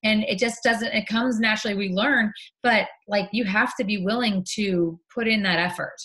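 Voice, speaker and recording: A woman's voice: medium pitch, steady tone, moderate pace, a bit bright. A woman hosting a conference interview, gushing and effusive, with lots of "like.". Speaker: interview host.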